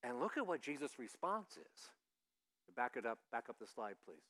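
A male pastor giving a conversational sermon, lively and acting out the voices he quotes. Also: mid-range voice, normal speed. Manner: animated, acts out quoted voices.

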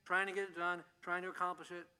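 A man preaching from the pulpit with a bright, forceful voice that sits a little high. He tells stories casually, tosses questions out to the congregation, and trips over and repeats his words. The sound carries a long church reverb. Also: little pitch movement, fast talker, clear, resonant tone. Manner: conversational storytelling, asks the congregation questions, stumbles and repeats words. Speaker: pastor. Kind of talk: sermon. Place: church sanctuary.

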